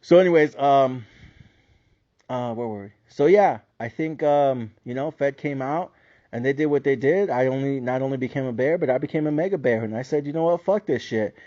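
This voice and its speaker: A man's voice: mid-range voice, normal speed, warm tone, lo-fi sound. A man hosting a podcast, delivering a heated, profane solo rant on the economy. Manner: profane, heated rant with mocking put-on voices. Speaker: podcast host. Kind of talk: solo ranting commentary.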